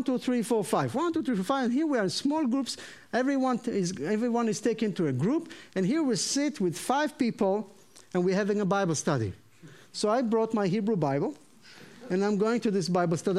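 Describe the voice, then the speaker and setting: A man from Israel, preaching his testimony in an animated way and acting out the voices in his story. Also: high-pitched. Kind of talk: sermon testimony.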